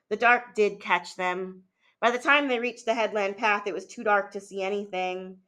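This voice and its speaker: Bright-voiced woman reading a novel aloud. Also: mid-range voice. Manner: measured, steady reading with small fillers and restarts. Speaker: teacher.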